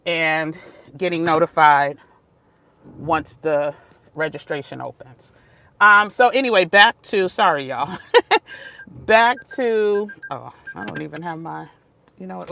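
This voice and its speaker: An unhurried woman talks straight to her viewers in a relaxed vlog. She drifts off topic, catches herself and laughs often. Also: on the low side, creaky. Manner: chatty, digressive, laughs often. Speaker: vlogger. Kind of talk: casual vlog talk. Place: outdoors, moving between places.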